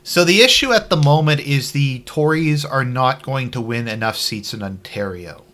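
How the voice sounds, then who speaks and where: Canadian male streamer, casual and blunt commentary, bright tone. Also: medium pitch, moderate pace. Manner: blunt, offhand, profane asides.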